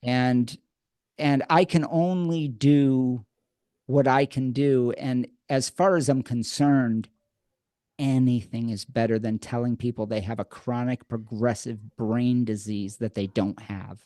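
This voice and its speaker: A man speaking as a podcast guest, with a darker, mellow voice in a dry, close room. He tells stories in a lively, animated way, acts out old conversations, and often repeats words as he restarts. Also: medium pitch, slow pace, no echo. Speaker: podcast guest, addiction program co-creator. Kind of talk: conversational storytelling.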